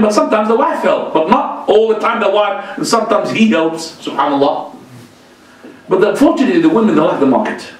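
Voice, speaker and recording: A man, a sheikh, giving an informal, animated mosque lecture, joking and throwing in religious exclamations as he goes. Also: very high-pitched, far from the mic. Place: large mosque hall. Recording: very echoey hall, voice from afar.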